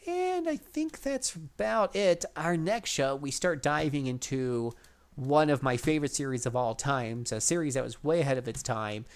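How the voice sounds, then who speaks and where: Guy chatting about old pc games, rambly, gravelly voice. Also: mid-range voice. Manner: rambling, with many fillers and restarts. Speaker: retro gaming video host. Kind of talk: casual commentary.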